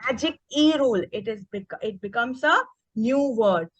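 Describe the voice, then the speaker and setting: A woman's voice: fairly high pitch, animated, normal speed, breathy edge, dry recording, low-quality recording. A woman leading an online teacher workshop. She speaks with energy and keeps checking in with the group by asking "okay?". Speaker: teacher trainer. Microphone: video call.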